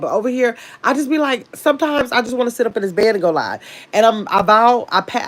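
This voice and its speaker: A woman hosting a casual livestream from her bed at home, reading out viewer comments and greeting people by name in a loose, chatty way. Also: mid-range voice. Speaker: livestream host.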